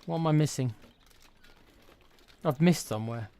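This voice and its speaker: A man casually commenting on a video game as he plays, relaxed and blunt, muttering to himself. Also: a little high, moderate pace, a little hiss or hum. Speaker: gaming streamer.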